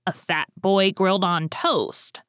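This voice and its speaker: A woman doing a brisk, scolding ogre's wife. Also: mid-range voice, fairly even intonation, a bit bright, clear, resonant tone, no room sound, clean studio sound. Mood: teasing. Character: big sharp-tongued ogre's wife, not truly cruel.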